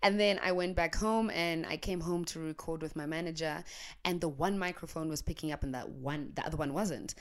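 Young South African woman, deep-pitched, animated casual storyteller, drops in Zulu slang, solo podcast from her bed. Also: a little fast. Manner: animated, laughs often, mixes in Zulu slang. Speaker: podcaster and YouTuber. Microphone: handheld microphone.

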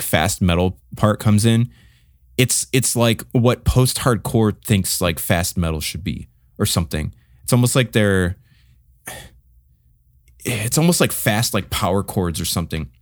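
A man's voice: fairly low pitch, dry recording, studio quality. A man co-hosting a podcast, chatting casually about albums with lots of fillers and restarts, humming riffs as he goes. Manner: rambling, many fillers and restarts, hums riffs. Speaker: podcast co-host. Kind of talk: casual music review chat.

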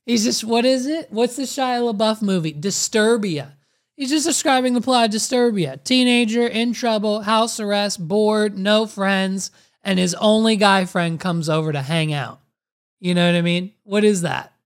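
A woman co-hosting a casual podcast at a middle pitch. She reacts to a clip with quick jokes and animated recaps. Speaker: podcast co-host.

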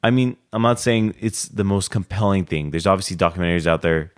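A man co-hosting a podcast in casual chat, talking slowly and measuredly with dry quips. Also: low voice, fairly even intonation. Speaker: podcast co-host.

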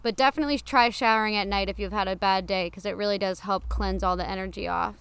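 A woman's voice: medium pitch, steady tone, quick pace, fairly bright tone, clear, resonant tone, dry recording. A young woman hosting a casual podcast chat, upbeat and agreeable. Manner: upbeat, agreeable, talks of energy and manifesting. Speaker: podcast host.

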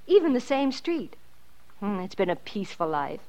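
Actress as a practical wife, wry, animated delivery; period radio drama. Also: female voice, medium pitch, moderate pace, close to an everyday voice. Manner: dry, wry. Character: middle-aged wife and mother, practical. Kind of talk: 1950s radio drama acting.

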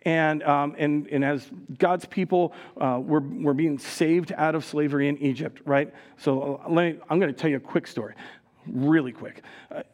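Animated high-voiced male pastor preaching. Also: normal speed, dull audio. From Minnesota. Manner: animated storytelling, acting out voices, laughs. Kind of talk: sermon. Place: church.

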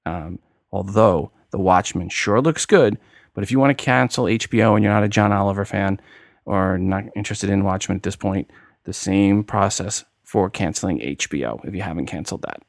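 A man's voice: low-pitched, normal speed, creaky, no echo, studio quality. A man hosting a tech podcast with a New York accent, talking casually and explaining steps one by one. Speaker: podcast host.

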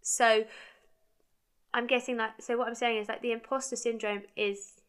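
A woman's voice: a little high, little pitch movement, normal speed, smooth. A young woman in her twenties telling a casual story, chatty, quoting her own conversations and saying "like" a lot. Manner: chatty, quotes her own dialogue, heavy use of "like". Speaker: brand founder.

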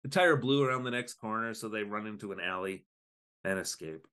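A man co-hosting a podcast, chatting casually as he recaps an episode and jumps into quick put-on voices for the characters. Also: on the low side, clear, resonant tone. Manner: animated, acts out lines in quick voices. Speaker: podcast co-host.

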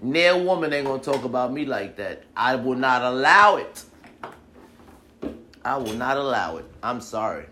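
Profane, bright-voiced man ranting. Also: medium pitch, big pitch swings, moderate pace, a little hiss or hum. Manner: profane, emphatic, talks straight to the listener; acts out both sides of a date. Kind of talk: comedic rant monologue.

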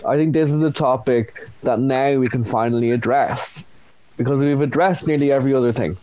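A man's voice: mid-range voice, a little fast. Chatty young Irish man. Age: young adult. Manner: animated storyteller, acts out voices. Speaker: guest. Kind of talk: casual chat.

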